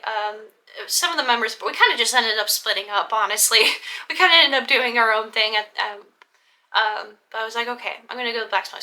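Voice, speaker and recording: In a fairly high, bright, pushed voice, a young woman relates a live-action role-play event for her storytelling vlog, wandering through it with plenty of fillers and restarts while acting out what people said.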